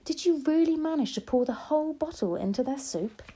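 A woman voicing a calm, loving old grandmother who speaks in a soft whisper, in a storybook reading. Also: high voice, a little fast, pitched above the performer's own voice. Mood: reassuring. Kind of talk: storybook read-aloud.

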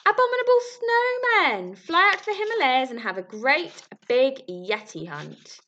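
Woman doing a squeaky twittery little guy in a storybook, way high and shrill, muffled old recording. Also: a little slow, a little hiss or hum, full character voice. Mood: squeaky excited. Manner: excited, twittery. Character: weedy squeaky timid little rich man.

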